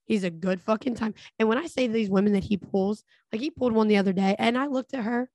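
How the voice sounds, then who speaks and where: A woman's voice: on the high side, quick pace, a little mellow, no echo. Blunt, foul-mouthed woman podcaster. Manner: profane, blunt, laughs easily. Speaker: podcast co-host. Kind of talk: crude casual chat.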